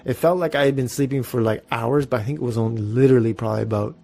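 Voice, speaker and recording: A man in his thirties with a gravelly, fry-edged voice, spinning a story as a podcast host. He talks in a loose, animated way, swearing freely and laughing as he goes. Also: mid-range voice, racing, soft background music. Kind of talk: casual storytelling.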